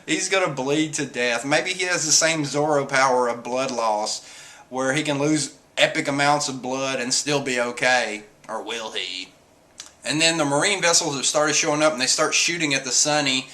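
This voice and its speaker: A man's voice: medium pitch, moderate pace, bright, forceful tone. Chatty man retelling a comic. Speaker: manga reviewer. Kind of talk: casual video review.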